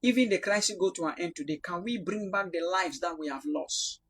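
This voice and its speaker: A young Cameroonian man from the Northwest preaching a prophetic sermon, swinging from loud rebuke to quiet prayer. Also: high-pitched, a little fast, slightly rough. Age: young adult.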